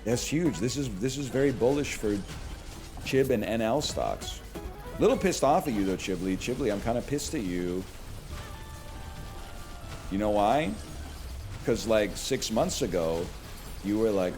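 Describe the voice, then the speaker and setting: A man in his thirties streaming a game, chatting with his viewers as he plays. His talk is lively and rambling, with a pitch that rises and falls constantly as he jumps between jokes and tangents. Faint game music plays underneath. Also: measured pace, long pauses. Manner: rambling, joking, wanders off on tangents. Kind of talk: casual chat while playing a video game.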